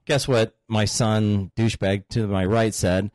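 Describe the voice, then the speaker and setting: A man in his fifties sits in as a guest on a casual podcast and tells rowdy family stories with a laugh never far off. He is crude and animated. The mic is close and the sound dry, with no room around him. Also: fairly low pitch, measured pace, dry recording. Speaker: guest, father of a host.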